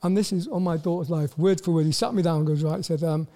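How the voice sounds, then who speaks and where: An older man with a Welsh accent, telling stories as a guest in a casual interview, halting and repeating words with lots of "you know". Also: fairly high pitch, steady tone, dark tone. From Wales. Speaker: guest, former footballer.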